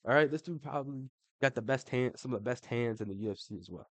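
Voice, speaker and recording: A man's voice: medium pitch, fast, dry recording. A young adult man giving casual ranking commentary, slangy and profane, saying "bro" after nearly every line. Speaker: MMA commentator.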